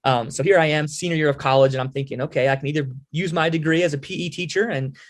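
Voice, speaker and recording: A man in his twenties from the Philadelphia area, a podcast guest telling his story with lively energy and many fillers. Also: on the high side, fast talker. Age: 20s. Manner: animated storyteller, lots of fillers. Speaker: podcast guest, halftime performer. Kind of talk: casual storytelling interview.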